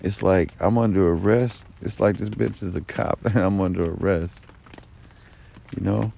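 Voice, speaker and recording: A man's voice: low voice, fairly even intonation, normal speed, creaky, mellow. A man telling a long personal story in a rambling, profane vlog monologue, full of fillers and asides. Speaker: vlogger. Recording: dull lo-fi recording.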